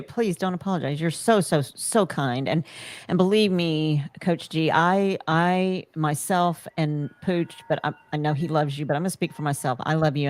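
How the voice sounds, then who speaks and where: Low-voiced woman hosting a podcast. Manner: gentle, halting, with many restarts. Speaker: podcast host. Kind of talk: supportive interview talk.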